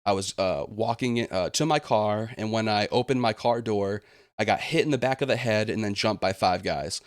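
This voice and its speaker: A young man with a lowish voice rants straight into the mic, aggrieved and indignant. The sound is close and dry, with no room around it. He often drops into sarcastic put-on quotes of the people he complains about. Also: normal speed, dry recording. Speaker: gaming channel host. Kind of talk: ranting vlog monologue.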